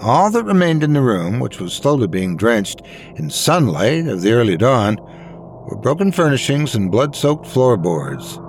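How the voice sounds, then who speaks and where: A man telling a horror story in a dramatic, expressive scripted narration. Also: mid-range voice, measured pace, faint music behind.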